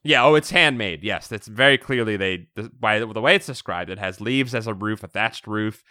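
A man's voice: on the low side, fairly quick, dry recording, studio quality. A man co-hosting a casual podcast, recapping a book with laughter and frequent swearing. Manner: animated, laughing, swears freely. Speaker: podcast co-host.

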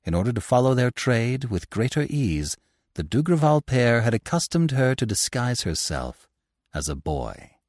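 An audiobook narrator, male, reads a classic story in an expressive storytelling style. His voice sits in the mid-range at a normal speed, and the studio-quality recording has no echo.

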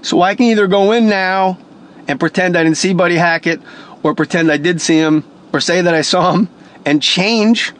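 A man's voice: sits high, normal speed, fairly bright tone. A man telling a story in an emphatic, profane, casual way, a voice actor by trade.

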